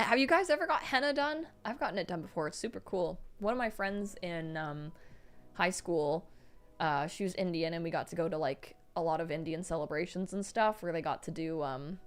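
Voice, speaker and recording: A young adult woman hosting a livestream, reading chat aloud and reacting with gushing excitement. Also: on the low side, normal speed, clear, resonant tone, soft background music. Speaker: livestream host. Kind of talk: live-stream chat reading.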